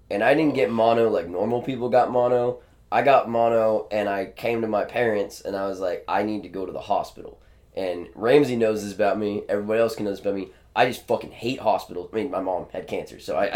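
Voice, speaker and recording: A man's voice: fairly low pitch, darkish tone. A young man co-hosting a podcast, telling personal stories in a wry, easygoing way. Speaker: podcast co-host. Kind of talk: casual chat.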